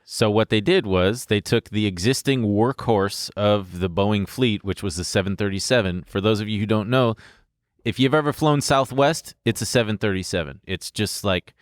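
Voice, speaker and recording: A man's voice: on the low side, normal speed, no room sound, clean studio sound. Profane man explaining things. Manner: explains at length, profane, laughs often. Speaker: podcast co-host. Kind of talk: casual chat.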